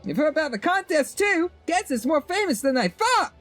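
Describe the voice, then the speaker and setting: A man doing a cheery falsetto shopgirl. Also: sing-song, normal speed, fairly bright tone, faint music behind, heavily acted. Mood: chatty. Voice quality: strained high falsetto. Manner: bubbly, sing-song customer-service chatter. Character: chatty young female shopkeeper, cheery. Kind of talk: game dialogue voiced by a streamer.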